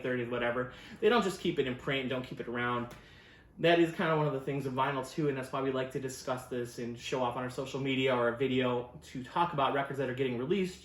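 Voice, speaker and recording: A man's voice: mid-range voice, echoey room. Enthusiastic man rambling about records. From United States. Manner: enthusiastic, rambling, with frequent fillers and self-corrections. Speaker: record store owner and show host. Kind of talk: casual record review chat. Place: record store.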